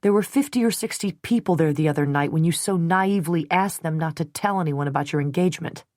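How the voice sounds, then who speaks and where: A woman reading the part of a blunt, hot-tempered man in his thirties who speaks forcefully and sometimes with scorn. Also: low-pitched, fast talker, dry recording, studio quality, close to an everyday voice. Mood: calm, wry. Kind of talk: audiobook character reading.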